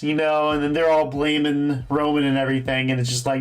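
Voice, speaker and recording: A young man with a fairly high voice talks through a show in loose fan commentary. He rambles, stops, restarts and leans on fillers as he goes. Faint music plays under him. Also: monotone, brisk, hardly any pauses, smooth. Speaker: host.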